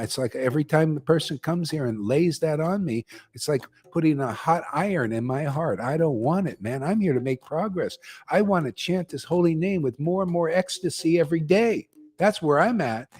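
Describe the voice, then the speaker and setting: A man's voice: fairly high pitch, expressive, moderate pace, a little mellow, husky. An older man giving a blunt, slangy devotional talk as a spiritual teacher, ranting and calling his listeners "man.". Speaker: spiritual teacher leading a chanting gathering.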